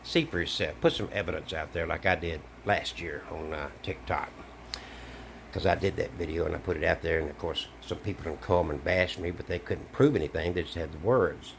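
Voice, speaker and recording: A man's voice: deep voice, brisk, gravelly, slight background noise. An older man from Alabama, talking bluntly in a rambling monologue full of fillers. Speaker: video commentator. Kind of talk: casual monologue to camera.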